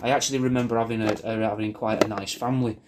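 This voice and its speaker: A man's voice: fairly low pitch, flat delivery, rapid-fire, background noise. A man rambling through a personal video message, swearing a lot and often restarting his sentences. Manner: rambling, sweary, self-deprecating, with many restarts.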